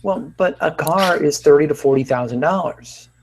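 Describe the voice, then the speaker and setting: A man co-hosting a casual panel chat, relaxed and agreeable. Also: a little high, normal speed, slight background noise. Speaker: podcast co-host.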